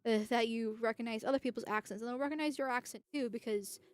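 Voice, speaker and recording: This political streamer is a young woman from the United States whose voice sits on the high side, and she talks fast. Her livestream talk is casual and chatty, full of rambling, restarts and laughter.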